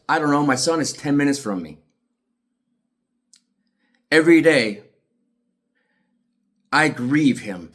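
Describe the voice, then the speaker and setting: A man's voice: on the high side, animated, unhurried, long pauses, a bit bright. A middle-aged man giving an agitated, profane monologue to the camera as an aggrieved father. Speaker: aggrieved father telling his story.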